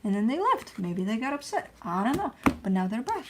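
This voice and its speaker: A woman's voice: on the high side, sing-song, fairly quick, noisy background. A woman hosting a casual spoken tarot reading. She talks in a loose, chatty way with slang and the odd curse, and repeats herself when she coaches and reassures. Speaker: tarot reader hosting her channel.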